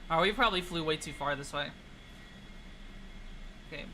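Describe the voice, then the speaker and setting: A woman's voice: deep voice, normal speed, pushed and bright, a little hiss or hum, poor audio. A young woman streaming a flight game, chatting casually and teasing her chat in a playful way.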